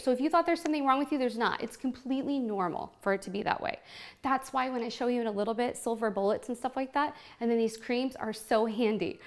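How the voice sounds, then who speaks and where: A woman from Oregon with a voice on the high side hosts a home party for a live group, demonstrating products. She's playful and cheeky, tossing in frequent asides to the room.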